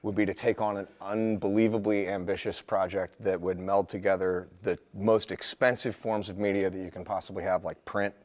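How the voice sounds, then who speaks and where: A man's voice: low voice, moderate pace, hardly any pauses. A man who fronts a rock band, telling stories in a casual TV interview with self-mocking humor. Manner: self-mocking, animated storyteller. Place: TV studio.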